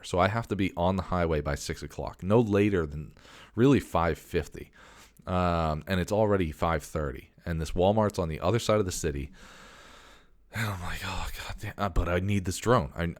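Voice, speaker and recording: A man's voice: sits low, dry recording, clean studio sound. A man telling a long, exasperated story in casual podcast chat, swearing and restarting his sentences often. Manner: exasperated, profane rant with many restarts. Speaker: podcast host.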